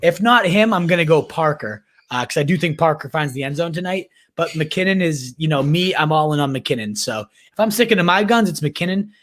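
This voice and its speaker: A man's voice: fairly high pitch, expressive, brisk, few pauses, fairly bright tone. A man hosting a live fantasy football Q&A, talking in a hyped, slangy way, often restarting mid-sentence. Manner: hyped, slangy, calls viewers "baby" and "my dude"; restarts and repeats words while thinking aloud. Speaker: fantasy football livestream host. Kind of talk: casual live Q&A chat.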